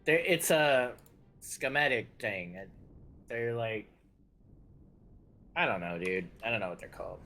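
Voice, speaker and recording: A man's voice: on the low side, unhurried, long pauses, bright, forceful tone, faint music behind. A man chatting casually while playing a game with a friend, rambling with hesitations and jokes. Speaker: fellow player. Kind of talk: casual gameplay chat.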